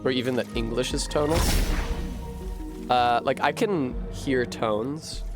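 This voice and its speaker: A man streaming a video game, chatting casually and thinking aloud to his viewers, swearing freely and getting animated. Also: mid-range voice, measured pace, over music. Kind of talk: casual live-stream chat while gaming.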